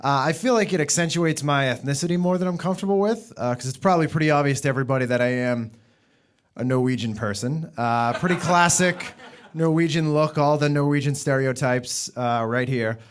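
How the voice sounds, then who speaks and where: A young man from the Boston area doing a stand-up routine with dry, ironic delivery, mocking people in high voices. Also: a little fast, clear, resonant tone. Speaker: stand-up comedian.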